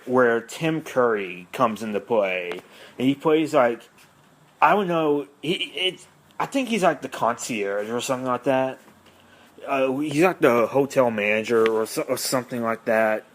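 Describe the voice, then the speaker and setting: A man's voice: medium pitch, expressive, measured pace, a little hiss or hum. A man hosting a podcast, giving a casual, rambling film recap, hesitant and often unsure of the details. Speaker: podcast host.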